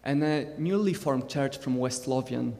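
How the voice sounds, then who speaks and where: A man's voice: medium pitch, a little slow, mellow, in a large hall. A man in his twenties with a Scottish Borders accent, preaching a conversational sermon with joking asides to the congregation. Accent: Scottish, Borders (Galashiels). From Scotland. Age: 20s. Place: church hall.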